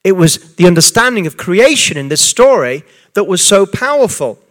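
A man preaching a sermon in an animated, conversational way, full of restarts and asides. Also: sits high, normal speed.

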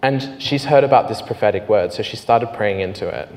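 A man preaching his testimony as a lively storyteller who often drops to hushed, slow tones. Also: lowish voice. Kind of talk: sermon testimony. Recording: reverberant hall, faint noise.

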